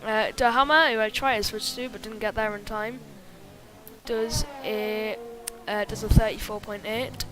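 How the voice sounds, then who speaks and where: Female sim-racing commentator, somewhat high-pitched, casual and filler-heavy. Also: steady tone, measured pace, noisy background. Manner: chatty, many fillers, reads chat. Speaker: race commentator.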